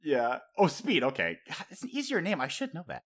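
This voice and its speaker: A man's voice: fairly high pitch, huge pitch swings, fairly quick, a bit bright. A man hosting a casual podcast chat, profane and laughing often, acting out quotes as he talks. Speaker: podcast host.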